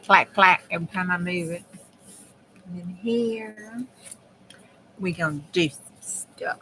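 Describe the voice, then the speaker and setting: Slow-talking folksy woman crafting. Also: fairly low pitch, pushed and bright, slight background noise, poor audio. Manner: folksy, chatty, talks to herself and viewers while working. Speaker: crafting channel host. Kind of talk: casual chat while crafting.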